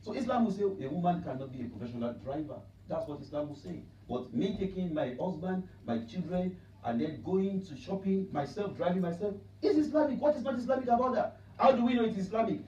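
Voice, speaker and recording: A man's voice: high-pitched, animated, fairly quick, hardly any pauses, dark tone, a little hiss or hum. A man giving a Friday sermon in a mosque, preaching emphatically with repeated rhetorical lines. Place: mosque prayer hall. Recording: echoey, distant, dull hall recording.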